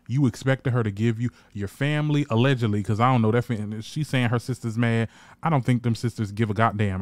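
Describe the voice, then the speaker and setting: With a fairly low voice on a dry recording, this man reviews reality TV, recapping an episode casually. He's blunt and sassy, curses freely, and animatedly performs the cast's quoted lines.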